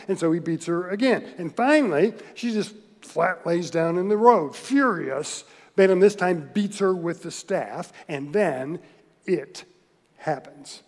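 A man with a high, light voice preaches a sermon, retelling the story with animated, chuckling delivery. His words ring out with a long reverb tail in a church sanctuary. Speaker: pastor.

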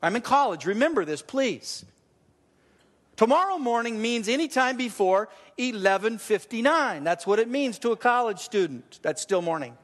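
High-voiced preacher in an echoing hall. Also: male voice, lively intonation, moderate pace. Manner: storytelling, swings from loud to hushed. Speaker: pastor. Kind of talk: sermon. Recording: reverberant hall.

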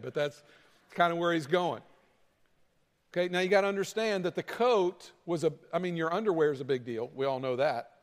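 High-voiced man preaching in a reverberant hall. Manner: conversational preaching, acting out angry quarrels with rising pitch. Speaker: pastor. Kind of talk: sermon.

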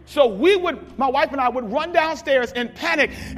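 A man preaching a sermon, telling stories with big shouts and sound effects. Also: very high voice, fairly quick, few pauses, in a large hall. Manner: animated storytelling, shouting at peaks, sound effects. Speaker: pastor.

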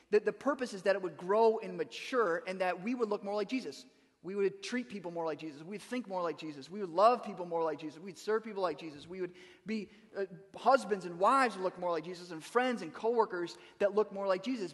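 A man's voice: high-pitched, big-room sound. A man preaching a sermon as pastor, speaking in a conversational way with frequent restarts and asides.

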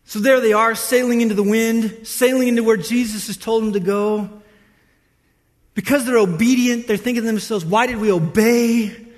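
A pastor with a notably high voice preaches in a large hall whose long reverb trails after each phrase. He tells the story with lively, playful energy. He slips into the voices of the people in it. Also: moderate pace. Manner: animated storytelling, acts out disciples' voices. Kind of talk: sermon.

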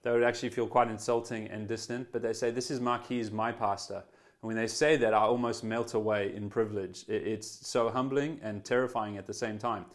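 A man preaching a sermon as pastor, earnest and conversational, often restarting phrases and swinging between loud and hushed emphasis. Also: on the low side, fairly even intonation, fairly quick. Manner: voice swells then drops to quiet emphasis.

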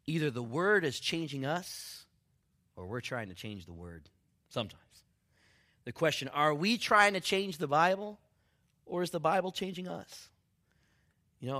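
A man preaching a sermon in a conversational, humorous way, dropping to near-whispers and then rising to excited shouts. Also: medium pitch. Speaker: pastor.

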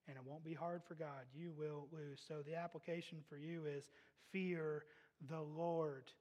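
A man from Texas preaching a sermon, emphatic, with humorous asides, dropping to hushed tones and then rising loud. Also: on the high side.

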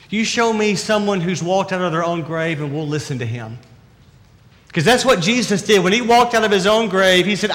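A man's voice: high-pitched, fairly bright tone. A man preaching a sermon as a pastor, in a conversational and emphatic way with rhetorical questions. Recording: reverberant hall.

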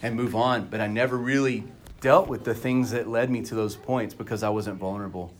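A man's voice: fairly low pitch, steady tone, brisk, a little hiss or hum. Candid conversational male pastor preaching. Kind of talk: sermon.

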